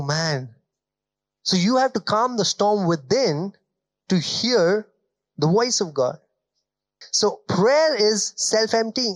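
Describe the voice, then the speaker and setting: A male pastor, preaching a conversational sermon full of rhetorical questions and slow, stressed phrases. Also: high voice, a bit bright, no room sound.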